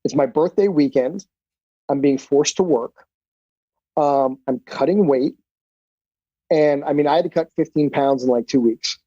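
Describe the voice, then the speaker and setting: A middle-aged man tells stories bluntly and swears freely, with an animated delivery. His voice is fairly high but mellow and dark in colour. It comes through a dry, slightly dull podcast recording. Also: measured pace, long pauses, no echo. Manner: profane, blunt, animated storyteller. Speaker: podcast guest, black belt instructor. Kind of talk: casual storytelling interview.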